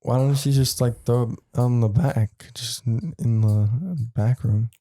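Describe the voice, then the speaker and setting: A nineteen-year-old man, a podcast producer, chatting in a laid-back, halting way with lots of fillers. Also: mid-range voice, steady tone, mellow. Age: young adult. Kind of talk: casual chat.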